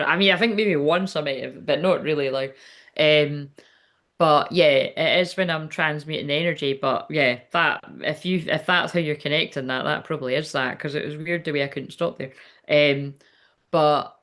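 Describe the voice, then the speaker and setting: A woman working as a psychic medium, giving a live-streamed spiritual reading in a chatty, rambling, sweary way while hiccuping now and then. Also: deep voice.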